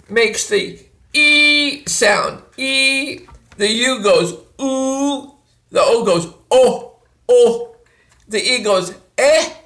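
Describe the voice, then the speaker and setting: Patient woman teacher, slow and deliberate delivery, lots of room echo. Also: mid-range voice, a bit bright. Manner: deliberate, drawn-out, demonstrating sounds. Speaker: Spanish teacher. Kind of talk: slow, patient classroom instruction. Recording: echoey room.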